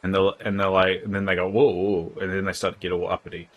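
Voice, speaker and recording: A livestreamer with a low, completely flat voice races through casual, frank chatter while playing a game, drifting from one thought to the next. The recording sounds muffled.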